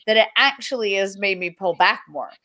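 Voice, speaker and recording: A woman's voice: mid-range voice, moderate pace, sharp tone. A woman comedian speaking candidly and casually in a video-call panel chat. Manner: candid, chatty, swears casually. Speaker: comedian guest.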